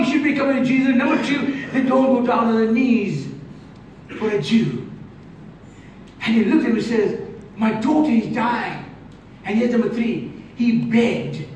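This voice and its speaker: A man preaching a sermon as pastor, emphatic and shouting at times, then dropping suddenly to quiet. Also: very high-pitched. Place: large church hall. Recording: echoey hall from far off, faint noise.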